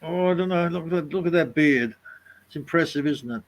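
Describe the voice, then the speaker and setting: A man in casual chat, blunt and jokey. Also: normal speed. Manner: blunt, jokey, mimics others in high voices.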